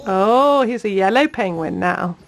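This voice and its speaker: A woman's voice: mid-range voice, animated, measured pace, a little hiss or hum. A young mother filming a casual home vlog, chatting to camera and coaxing her toddler in a sing-song voice. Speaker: vlogger and mum.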